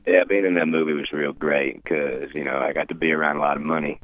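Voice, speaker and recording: A laid-back male movie star, put on by a teenage man from Illinois, rambles along in a slow, philosophical drawl. His voice sits extremely deep, coming through a tinny, phone-like line. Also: fairly even intonation, dry recording. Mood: musing. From Illinois, USA. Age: teens. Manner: slow, musing, folksy rambling. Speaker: guest impressionist. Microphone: telephone call-in.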